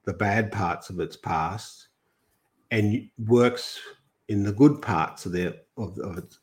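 An older Australian man with a lowish voice appears as a guest in a political interview. He speaks in long, rambling sentences full of restarts and quoted asides.

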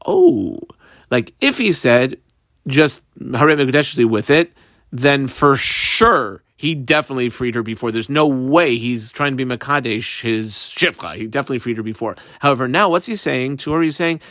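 A man's voice: mid-range voice, lively intonation, normal speed, fairly bright tone, no room sound, clean studio sound. A man teaching a Talmud class, reading Aramaic phrases and explaining each one in English, step by step, and telling which words he marked on the page.

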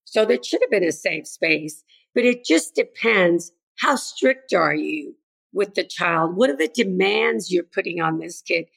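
A woman's voice: fairly low pitch, lively intonation, measured pace, creaky, a bit bright. An older woman, a grandmother and educator, speaking earnestly as an interview guest and acting out what kids and parents say. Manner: earnest, acts out quoted voices. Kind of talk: conversational interview.

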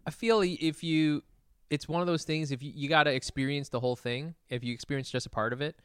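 Joking man with a smooth voice. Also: fairly high pitch, quick pace, no echo, studio quality. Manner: joking, rambling, deadpan hyperbole. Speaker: podcast co-host, comedian. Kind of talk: casual comedy podcast banter.

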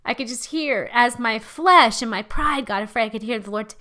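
Woman, preacher, fairly high voice, animated and chatty sermon. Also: normal speed, few pauses. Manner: animated, conversational preaching with laughs.

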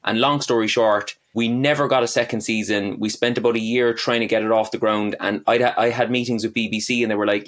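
A man's voice: on the low side, fairly even intonation, brisk, few pauses, fairly bright tone. A middle-aged man with a Cork Irish accent, chatting as a guest comedian, rambling and self-deprecating with lots of fillers. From Ireland. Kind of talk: casual interview chat.

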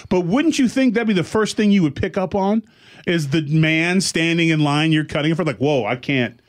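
A man's voice: fairly high pitch, moderate pace. A man in casual podcast chat, telling stories animatedly and acting out the people in them. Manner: animated storyteller, acts out quotes.

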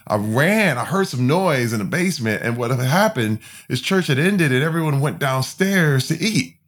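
Earnest man telling his story, mid-pitched. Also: very animated, moderate pace, a bit bright. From Flint, Michigan, USA. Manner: earnest, emphatic, with many fillers and restarts. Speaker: podcast guest. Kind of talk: candid personal storytelling.

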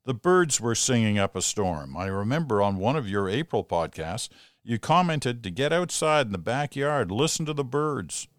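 A man's voice: mid-range voice, sing-song, moderate pace, no echo, clean studio sound. A Canadian man hosting a podcast, reading listener mail aloud and adding chatty asides as he thinks aloud. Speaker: podcast host.

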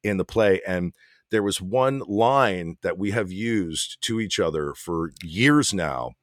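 A man's voice: deep voice, slow, no room sound, clean studio sound. A man co-hosting a casual podcast with his wife, talking bluntly with plenty of swearing and restarting his sentences as he goes. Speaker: podcast co-host. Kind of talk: casual chat between spouses.

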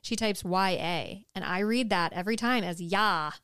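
A woman's voice: medium pitch, moderate pace, a bit bright, clean tone, dry recording, clean studio sound. A woman co-hosting a podcast, reading listener comments aloud and chatting with curiosity. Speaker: podcast co-host.

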